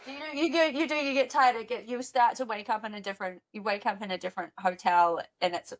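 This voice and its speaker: A woman's voice: on the high side, steady tone, fast talker, noisy background. A woman podcast host in casual chat, agreeing and swapping stories, swearing freely. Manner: chatty, profane, agreeable.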